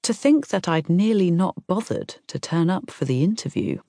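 Calm woman narrating a novel. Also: on the low side, normal speed, gravelly, no room sound, clean studio sound. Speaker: audiobook narrator. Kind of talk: scripted first-person narration.

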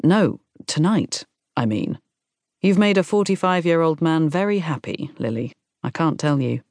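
A woman's voice: sits low, animated, unhurried, darkish tone, no echo, studio quality. A woman voicing a nervous, tender man in his forties who talks earnestly and apologetically.

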